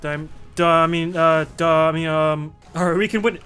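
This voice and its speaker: A young man giving excitable, swearing, self-mocking commentary while he plays a game. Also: on the high side, moderate pace, faint music behind. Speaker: gamer. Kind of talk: casual gameplay commentary.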